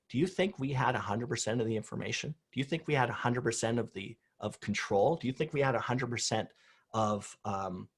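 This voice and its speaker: A man's voice: mid-range voice, breathy edge. A middle-aged man giving an emphatic motivational conference talk over a video call, driving home key phrases by repeating them. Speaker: conference speaker on crisis response.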